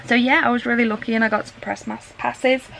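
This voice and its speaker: A woman's voice: on the high side, fairly even intonation, fast, gravelly, a bit bright, a little hiss or hum, poor audio. A woman vlogger chatting casually and rambling, self-deprecating, while suffering from a migraine. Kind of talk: casual chat vlog.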